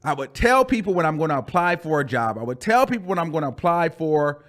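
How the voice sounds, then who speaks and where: A man telling a storytime rant on his channel in a chatty, animated way, calling the listener "girl" and repeating phrases for emphasis. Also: on the high side, quick pace. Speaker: YouTuber.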